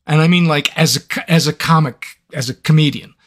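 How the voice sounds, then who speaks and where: This voice actor's slightly high voice moves fairly quickly as he rambles through a casual live Q&A with fans. He sits at a microphone, poking fun at his own scattered mind in a self-mocking, all-over-the-place way.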